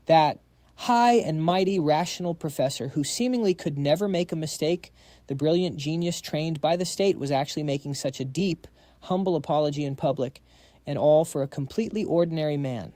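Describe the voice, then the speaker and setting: A man reading a scripted story recap in an even storytelling manner. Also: a little high, a little fast, no echo. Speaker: recap narrator. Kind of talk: scripted narration.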